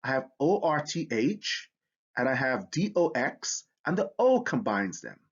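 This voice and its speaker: Lively, enthusiastic male teacher. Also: mid-range voice, a little slow, breathy edge, highs cut off. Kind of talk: educational lesson.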